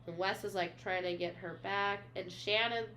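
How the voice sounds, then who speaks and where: A woman's voice: medium pitch, normal speed, a little hiss or hum. A young woman co-hosting a podcast, chatting casually as she recaps a novel and acts out its quoted lines with lots of fillers. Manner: animated, reads quoted lines aloud, many fillers. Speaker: podcast co-host.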